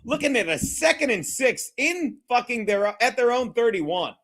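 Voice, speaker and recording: A man's voice: very high-pitched, animated, moderate pace, hardly any pauses, fairly bright tone. A man hosting a live football watchalong stream, reading chat and calling plays in a brash, mocking, rambling way with heavy swearing. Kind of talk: profane live sports watchalong commentary.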